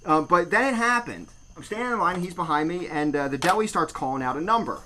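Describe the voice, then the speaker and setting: High-voiced man ranting crudely. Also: expressive, quick pace, sharp tone, a little hiss or hum. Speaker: podcast host. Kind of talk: casual podcast rant.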